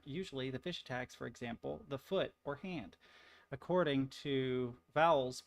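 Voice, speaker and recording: A man's voice: mid-range voice, vocal fry. A young man streaming, chatting casually and reacting to articles, swearing freely and rambling through stories. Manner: profane, rambling, easily amused.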